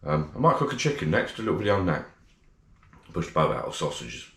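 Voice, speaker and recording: A man with a very low voice chats away jokily while cooking and eating at home. The room around him is echoey and hard. He talks in a relaxed, matey way. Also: fast talker. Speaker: vlogger. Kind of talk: casual cooking vlog.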